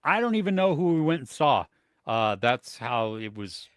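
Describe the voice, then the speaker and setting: Man, podcast co-host, loose rambling delivery with plenty of ums, mid pitch, dry close sound. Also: big pitch swings, moderate pace, fairly bright tone, clean tone, no room sound. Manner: rambling, many fillers and restarts. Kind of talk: casual chat about movies and shows.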